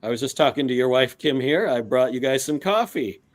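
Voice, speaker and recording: A man's voice: medium pitch, expressive, fairly quick, natural voice. A man voicing a friendly, generous coffee trader in a cheerful, easygoing way.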